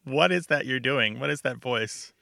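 Brief: wry male radio co-host, crisp bright tone, dry studio sound. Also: mid-range voice, no room sound. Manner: quick-witted, wry. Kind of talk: radio talk show hosting.

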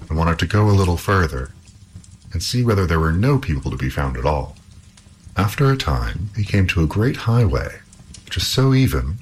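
A man reading an old folk tale aloud in an expressive storytelling manner. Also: low voice, slight background noise, rough recording.

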